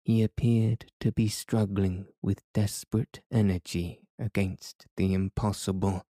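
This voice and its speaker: A man calmly reading a bedtime story aloud in a soothing way as a podcast narrator. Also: low voice, measured pace, no echo, clean studio sound. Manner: calm, soothing.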